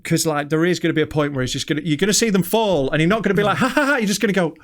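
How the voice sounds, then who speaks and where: A man's voice: fairly high pitch, rapid-fire. A man co-hosting a comedy podcast, telling rambling, sweary stories in casual chat. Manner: sweary, rambling, animated storytelling. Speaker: podcast co-host.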